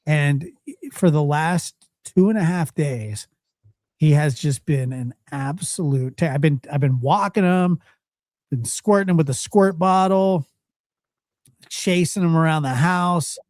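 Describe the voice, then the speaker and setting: A man's voice: a little high, measured pace, a little mellow, no room sound, clean studio sound. A man hosting a live talk stream, thanking callers and chatting in a friendly, conversational way. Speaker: host.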